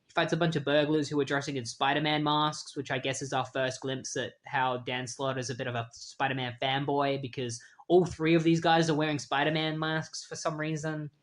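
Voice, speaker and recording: A man hosting a casual comic book retrospective, an animated storyteller who acts out characters' lines. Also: a little high, brisk, hardly any pauses. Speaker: host.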